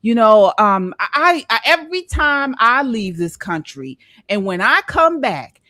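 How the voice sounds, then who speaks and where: A woman's voice: a little high, sing-song, measured pace, bright, forceful tone, no room sound. A middle-aged woman hosting a casual commentary chat, earnest and often restarting her sentences. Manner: earnest, many restarts and repeated words. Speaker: host.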